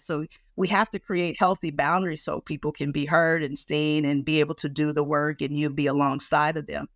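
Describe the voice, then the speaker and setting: A woman counselor speaking in a conversational interview, animated and acting out other people's reactions as she explains. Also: lowish voice, no room sound. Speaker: guest counselor.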